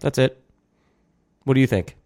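A man's voice: normal speed, mellow. A drunk man co-hosting a podcast, rambling in casual sports chat with lots of fillers. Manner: rambling, hedges with lots of likes and I means. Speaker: podcast co-host.

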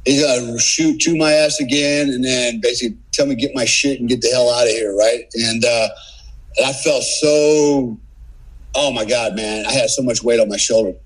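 Husky-voiced man telling a war story. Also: medium pitch, moderate pace, poor audio. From United States. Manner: animated, swearing, acts out quotes. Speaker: podcast guest, former special forces operator. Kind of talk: casual storytelling.

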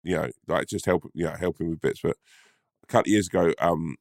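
A man co-hosting a podcast in a relaxed, chatty way. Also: sits low, fairly quick, dry recording, clean studio sound. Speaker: podcast co-host. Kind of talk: casual chat.

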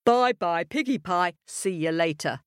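A woman voicing a cheerful, boastful young pig from a storybook, in a bright, cheery manner. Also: on the low side, expressive, a little slow, clear, resonant tone, dry recording, studio quality.

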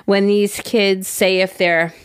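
A woman's voice: medium pitch, level tone, takes it slowly, clear, resonant tone. A young woman co-hosting a podcast, chatting casually and getting emotional as she tells a story. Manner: emotional, storytelling, gushing about her students. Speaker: podcast co-host. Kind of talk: casual chat.

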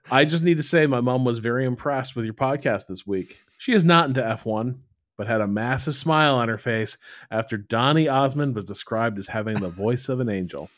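A man's voice: medium pitch, animated, moderate pace, dry recording, studio quality. A man co-hosting a podcast in a loose, laid-back way, reading listener mail and swearing casually. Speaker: podcast co-host. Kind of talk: casual chat.

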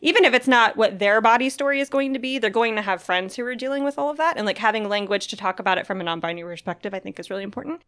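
A woman's voice: on the high side, racing, few pauses, a bit bright, clear, resonant tone. A woman co-hosting a book podcast, talking casually and emotionally with many restarts and fillers. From Filipino heritage. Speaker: podcast co-host recommending books. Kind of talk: casual chat.

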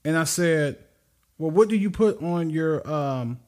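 A man with a somewhat high voice tells a story on a casual podcast. He acts out the people he quotes and laughs through his own telling. His delivery is lively and chatty. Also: a little slow. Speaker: podcast co-host.

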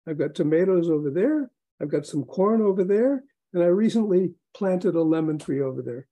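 A man's voice: high-pitched, animated, normal speed, dry recording, dull audio. A man voicing a dry-witted Israeli landowner in a joke. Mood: deadpan.

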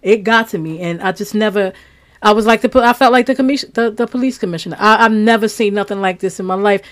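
A woman hosting a true crime podcast, her voice sitting in an ordinary middle pitch. She speaks bluntly and plainly, in a casual, conversational manner. It sounds like a close podcast mic. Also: fast. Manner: blunt, outspoken, plain-talking.

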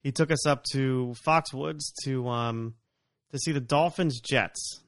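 A man hosting a casual interview podcast, an animated storyteller who acts out voices in his anecdotes. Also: mid-range voice, slow pace. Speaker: podcast host.

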